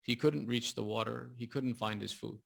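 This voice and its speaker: A man preaching a sermon, retelling a story in a lively, dramatic way. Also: mid-range voice, normal speed, gravelly, slightly rough.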